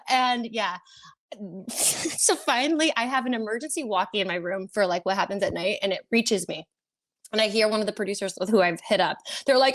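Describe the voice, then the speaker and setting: A woman's voice: medium pitch, fairly quick. A woman who works as a reality TV producer tells a story on a podcast with drama and plenty of swearing, acting out her own panic. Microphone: podcast studio mic.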